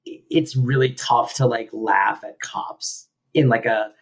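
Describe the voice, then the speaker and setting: Guy cohosting a podcast, rambly and reflective, lots of likes, mid pitch. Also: steady tone, measured pace, creaky. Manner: rambling, many fillers, reflective. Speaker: podcast co-host. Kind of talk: casual conversation.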